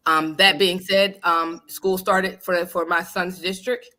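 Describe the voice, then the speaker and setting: A woman hosting a casual talk show, telling a story in an animated, emphatic and blunt way. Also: on the low side, measured pace. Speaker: host. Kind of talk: casual chat. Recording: live online radio show.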